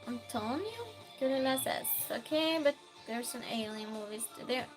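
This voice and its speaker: A woman hosting a live stream, chatting casually, reading viewer comments aloud and calling out loud greetings to regulars. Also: fairly high pitch, normal speed, over music. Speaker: livestream host.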